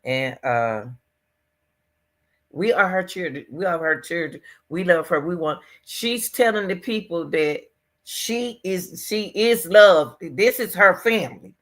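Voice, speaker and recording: A woman's voice: lowish voice, expressive, slow, fairly bright tone. A woman hosting her own commentary stream, talking casually and emphatically to her viewers and repeating her points. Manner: emphatic, repeats phrases, talks straight to viewers. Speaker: commentary channel host. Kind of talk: casual commentary on a news case.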